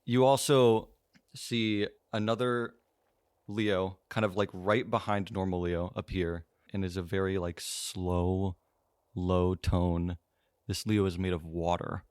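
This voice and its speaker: Man, tabletop player, slow relaxed narration, dry close mic. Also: low-pitched, clear, resonant tone, no echo. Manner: relaxed, describing with fillers. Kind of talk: in-character narration in a tabletop game.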